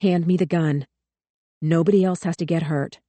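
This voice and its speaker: A woman voicing a calm, steady man who talks an armed girl down in an audiobook. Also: fairly low pitch, normal speed, no echo, natural voice. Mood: calm firm. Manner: calm, firm, soothing. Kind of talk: audiobook character voice.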